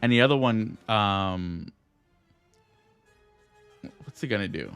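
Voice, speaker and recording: A man running a tabletop game as game master, halting and full of fillers and checking questions. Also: lowish voice, animated, creaky, fairly bright tone, smooth, no room sound, soft background music. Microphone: streaming setup.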